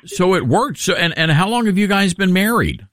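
A middle-aged man with a Tennessee Southern accent hosting a call-in radio talk show, chatty and upbeat and quick to laugh. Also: sits high, lively intonation, a bit bright, no echo, clean studio sound.

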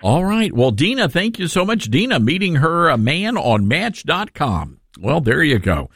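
A middle-aged man with a Tennessee Southern accent hosting a call-in radio talk show, chatty and upbeat and quick to laugh. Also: on the high side, very animated, a bit bright, breathy edge, no echo, studio quality.

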